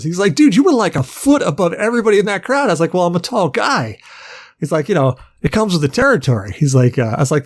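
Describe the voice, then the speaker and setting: A man co-hosting a podcast who tells a long story in a rambling, swearing way and acts out what people said. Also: a little high. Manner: rambling, profane, acts out quotes. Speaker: podcast co-host. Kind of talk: casual storytelling chat.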